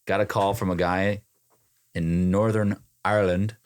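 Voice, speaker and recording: A man's voice: deep voice, level tone, measured pace, clear, resonant tone, dry recording, studio quality. A man co-hosting a casual podcast, joking around as he rattles off his weekly figures. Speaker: podcast co-host, voiceover talent.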